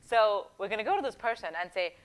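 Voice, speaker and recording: A woman's voice: mid-range voice, animated, quick pace, clean tone, rough recording. Direct, emphatic woman coaching on camera. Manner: frequent rhetorical checks like "okay?" and "right?". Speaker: workplace empowerment coach. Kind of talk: advice video talk.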